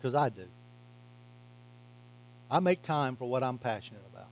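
A man preaching a sermon as pastor, emphatic, swinging from loud to quiet and slowing on key words. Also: mid-range voice, expressive, a little hiss or hum, low-quality recording. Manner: emphatic preaching, varying loudness and pace.

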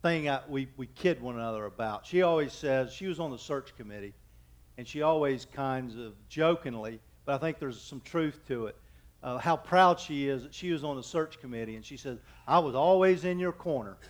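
A pastor in his fifties, medium-pitched, preaches a sermon full of folksy, joking anecdotes, speaking haltingly and often stopping to restart his sentences.

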